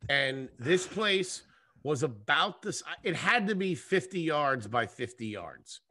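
A man with a bright, forceful voice tells a story in a loose, profane ramble, like a stand-up comedian on a podcast. His delivery is animated, and the sound is dry and close, with no room around it. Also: fairly high pitch, slow, no echo. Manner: profane, animated, acts out scenes. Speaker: comedian guest. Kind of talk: casual storytelling.

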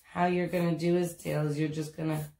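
Low gravelly woman teaching kids to draw. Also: little pitch movement, brisk, dark tone, roomy sound. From Canada. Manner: chatty and encouraging, many ums and asides. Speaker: art teacher. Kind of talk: step-by-step drawing lesson for children.

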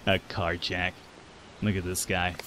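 A man's voice: deep voice, sing-song, slow pace, sharp tone, a little hiss or hum. A man hosting a let's play, talking through a game with sarcastic jokes and casual swearing. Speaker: gaming channel host.

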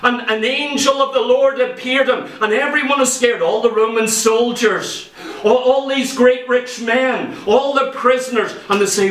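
A man preaches a fervent sermon, his voice unusually high and bright for a man. He throws himself into the stories, putting on the voices of the people in them. He is caught from a distance, with the church echo ringing around him. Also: moderate pace. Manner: impassioned, acts out quoted voices in stories. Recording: echoey church from far off.

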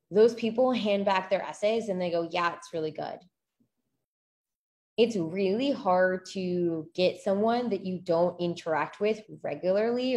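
Chatty young woman, lowish voice. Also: a little mellow, a little hiss or hum. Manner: chatty, many fillers and quoted questions. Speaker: law school admissions tutor. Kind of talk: casual talk to a live group.

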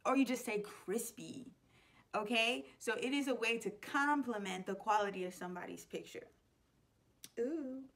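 A woman's voice: a little high, moderate pace, a bit bright. A young adult woman teacher hosting a playful web show, explaining slang in a chatty way and laughing often.

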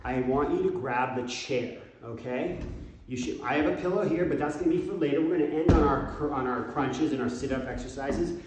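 A man's voice: medium pitch, a little fast, noisy background. A man leading a home workout as a fitness coach, counting out reps and encouraging the listener. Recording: very echoey room, mic far off.

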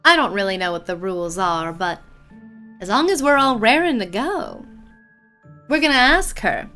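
A woman's voice: medium pitch, lively intonation, moderate pace, bright, forceful tone, soft background music. A woman streaming a mystery game, chatting with viewers and playing up a theatrical detective act. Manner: playful, theatrical detective banter. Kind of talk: casual game commentary.

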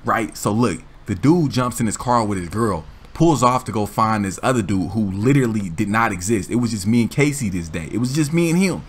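Gaming host, man, husky voice, animated laughing storyteller, casual slang. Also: on the low side, fairly quick, few pauses.

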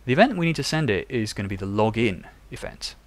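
A man's voice: lowish voice, animated, fast. Chatty man live-coding. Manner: chatty, thinks aloud while typing. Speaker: developer live-coding on stream.

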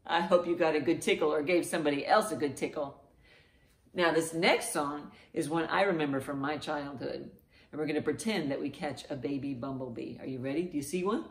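A woman's voice: low-pitched, expressive, normal speed. A woman children's librarian leading storytime rhymes and songs in a playful sing-song way. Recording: roomy echo.

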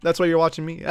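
A man's voice: high voice, sharp tone, dry recording. A man streaming a game, talking to his chat in a brash, teasing and profane way. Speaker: gaming streamer. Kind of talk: casual live-stream chat.

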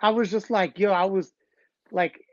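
A man guest recounting old stories in a casual, animated way, acting out what others said. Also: high-pitched, normal speed, no room sound. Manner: animated, acts out quotes from others. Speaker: interview guest, b-boy. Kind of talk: casual storytelling. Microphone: phone or call audio. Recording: dull, dry call audio.

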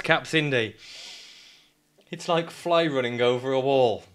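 A man's voice: medium pitch, unhurried, pauses often, a bit bright, clean tone. A man streaming a climbing game, ranting, swearing and laughing at his climber as he plays. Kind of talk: live gameplay commentary.

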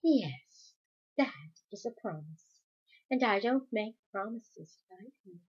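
A sinister red-eyed man answers in cold, clipped words, read by a woman. The delivery is slow, with a slightly husky edge. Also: medium pitch, animated, lo-fi sound.

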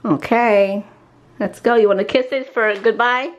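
A young adult woman chatting casually for a family vlog, animated and giggly, slipping Spanish words into her talk. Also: a little high, normal speed, muffled recording. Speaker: vlogger. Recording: noisy handheld camera audio.

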